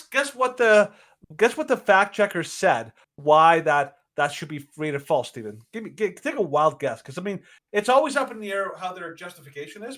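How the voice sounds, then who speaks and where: A man's voice: high voice, a bit bright, low-quality recording. A man co-hosting a podcast, ranting emphatically with indignation and lots of fillers. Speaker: podcast co-host. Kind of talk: opinionated podcast rant.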